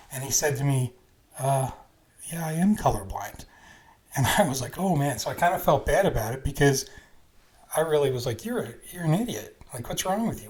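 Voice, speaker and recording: A man's voice: medium pitch, darkish tone. Chatty male podcast host. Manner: storytelling, chatty. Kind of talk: casual podcast chat.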